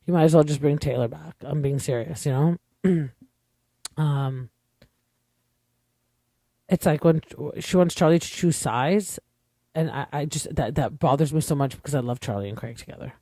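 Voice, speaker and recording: A man's voice: on the high side, normal speed, long pauses, warm tone, dry recording, clean studio sound. A young man from Canada, an opinionated podcast host chatting casually through a reality TV recap with lots of fillers.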